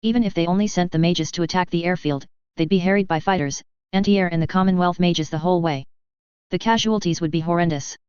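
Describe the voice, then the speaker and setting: A reader doing a cold young woman officer in a storybook reading, clipped and controlled. The voice is very smooth, and the sound is dry and a little dull. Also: mid-range voice, quick pace, a little mellow, dry recording, natural voice.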